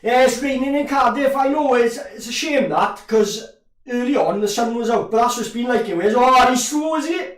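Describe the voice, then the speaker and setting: A man's voice: extremely high pitch, fairly even intonation, a little fast, recorded from a distance. Chatty Welsh man with a Llanelli accent. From Wales. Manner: chatty, rambling, laughs often, reads chat aloud. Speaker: live stream host. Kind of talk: casual live rugby watch-along chat. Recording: roomy echo, voice a bit off-mic.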